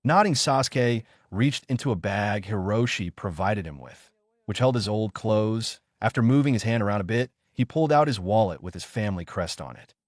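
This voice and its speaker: A man narrating a fan fiction story aloud. His voice is low, and his delivery is animated with wide swings in pitch. The sound is close and very dry. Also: moderate pace, no room sound.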